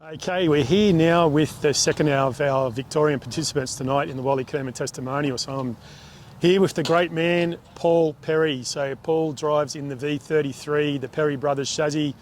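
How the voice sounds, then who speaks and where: A man's voice: on the high side, fairly even intonation, normal speed, a little hiss or hum. An Australian man interviewing drivers in the pits at a speedway, matey and chatty, teasing his guests. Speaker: trackside interviewer. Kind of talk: casual pit-side interview.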